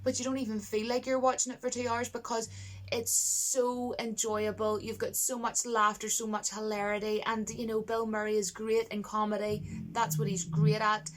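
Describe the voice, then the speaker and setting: Woman vlogger rambling excitedly about a movie, kinda high voice, laughs a lot. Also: moderate pace. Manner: chatty, animated, gushing; laughs often, mimics lines in a higher voice. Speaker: vlogger reviewing a film. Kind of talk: casual chat to camera.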